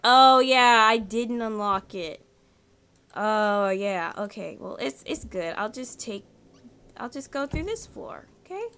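A high, bright-voiced woman commentates as she plays a horror game. She gets loudly excited and chats with the characters, then drops to near-whispers when she gets nervous. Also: takes it slowly, clean tone. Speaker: gaming channel host.

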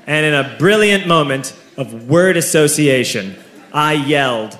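A young man doing stand-up, telling a story with animated delivery and shouting his punchlines. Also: a little high, unhurried. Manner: animated, shouting punchlines over audience laughter. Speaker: stand-up comedian. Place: live comedy venue with an audience. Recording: roomy live recording with crowd laughter and noise.

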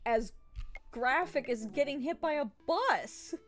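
Chatty woman streamer over soft music. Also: sits high, animated, takes it slowly. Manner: chatty, reads dialogue aloud with laughs and asides. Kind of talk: casual game narration.

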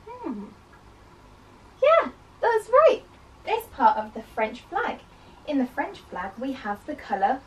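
Bright, lively woman teaching children. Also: a little high, far from the mic, slight background noise. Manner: encouraging and playful, repeats words slowly for children to echo. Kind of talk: children's language lesson.

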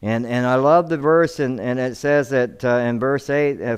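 A man preaching a sermon as pastor, his voice smooth and resonant at an ordinary middle pitch. He reads scripture aloud and often stumbles into repeated words while restarting his thoughts. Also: normal speed. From United States.

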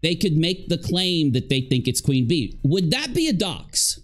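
A man live streaming commentary, lively and emphatic, who repeats himself for stress. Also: fairly high pitch, measured pace, faint music behind.

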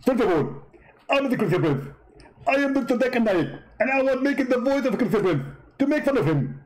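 A boastful, taunting male preacher, put on by a man in a raised, squeaky voice. He rambles fast and crows over every point, the pitch jumping all over the place. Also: big pitch swings, rough recording.

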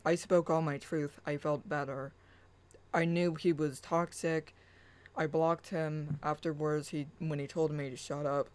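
A spiritual channel host speaks in an unhurried, earnest way, at a middling pitch. Their talk drifts between a casual rant and chant-like affirmations read aloud from their own writing. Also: little pitch movement, darkish tone, clean tone, low-quality recording.

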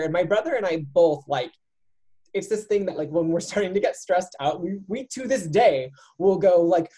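A woman's voice: mid-range voice, lively intonation, brisk, warm tone, slightly rough, rough recording. A woman hosting a casual chat, talking in a loose, laughing way with many fillers. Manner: chatty, laughing, lots of likes. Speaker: podcast host.

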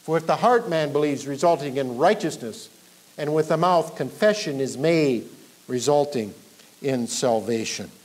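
A man preaching a verse-by-verse sermon as pastor, building up with emphasis and then dropping low at the ends of lines. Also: normal speed, darkish tone. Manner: teaching verse by verse, emphatic rises, trailing off low at line ends. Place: church sanctuary.

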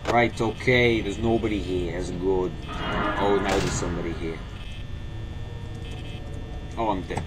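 A young man with an excitable manner and dry, self-mocking humor, commenting live on a horror game and yelping in alarm when he is caught. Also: measured pace, long pauses. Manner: excitable, jumps to high-pitched shouts when scared. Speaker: gaming channel host. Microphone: facecam headset or desk mic. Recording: game music heard behind the voice.

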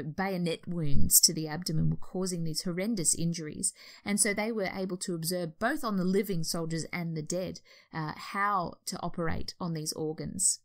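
An Australian woman, a nurse educator, explaining a history topic in an informal way, correcting herself as she goes. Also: fairly low pitch. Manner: explanatory, with restarts and self-corrections.

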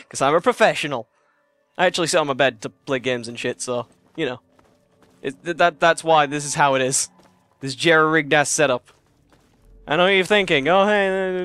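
A young man chatting casually and profanely while playing a game in his cramped bedroom, rambling and jokey, yelling in a panic when enemies attack. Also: on the high side, dry recording. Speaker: let's play gamer. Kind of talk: casual gameplay commentary.

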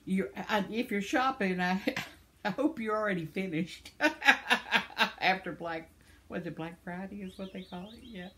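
A woman's voice: mid-range voice, measured pace, slight background noise. An older woman hosting her own channel, casually reading viewer comments aloud in a chatty, tender way, laughing often and stumbling over names. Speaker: channel host.

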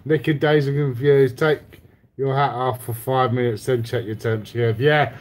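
A man's voice: medium pitch, steady tone, normal speed. An English man co-hosting a live stream in casual chat, laughing often as he reads out viewer comments.

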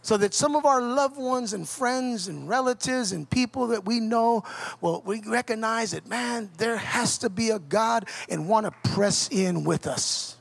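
A man with a Southern Californian accent preaching a passionate sermon as pastor, building to shouts and then dropping low. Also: a little slow, gravelly.

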